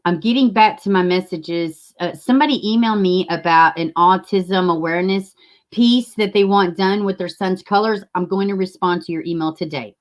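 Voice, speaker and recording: Woman, livestream host, low-pitched, rambling and chatty, swears freely. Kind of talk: casual livestream chat.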